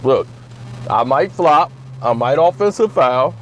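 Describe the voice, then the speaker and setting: A man doing an impression of an aggrieved star athlete, talking slowly with many ums and pauses. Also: on the high side, lively intonation, fairly bright tone, a little hiss or hum, pitched below the performer's own voice, poor audio. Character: deep-voiced star athlete, slow, aggrieved.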